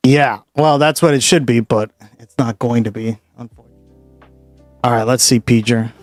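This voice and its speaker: A man's voice: mid-range voice, normal speed, dry recording. A streamer with a mid-range voice talks in a laid-back way and reacts to his chat. Faint music plays behind him. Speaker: streamer host.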